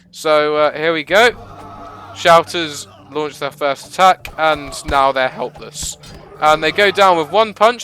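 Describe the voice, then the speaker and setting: Excitable bright-voiced gameplay commentator. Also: male voice, on the high side, poor audio. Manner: excitable, rambling and self-deprecating. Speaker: gaming YouTuber.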